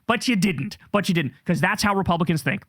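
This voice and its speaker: A man's voice: high-pitched, a little fast, a bit bright. A man giving a heated, profane political rant in sarcastic commentary. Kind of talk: ranting commentary.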